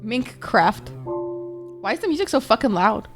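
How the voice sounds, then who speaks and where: A woman's voice: fairly high pitch, sing-song, moderate pace, over music. A woman streaming a game live, chatting casually with her viewers, swearing often and reacting to chat.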